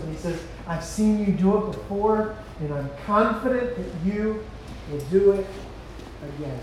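A man preaching a sermon as a pastor, swinging between loud impassioned cries and hushed low passages. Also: normal speed, slight background noise. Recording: echoey hall from far off.

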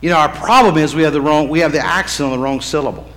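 A man preaching to his congregation with a bright, forceful, fairly high voice. He talks conversationally and checks in with the room, then drops to a hush and rises again for emphasis. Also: fast talker, low-quality recording. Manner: conversational, swings from loud emphatic lines to hushed low ones. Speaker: pastor. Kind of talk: sermon. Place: church.

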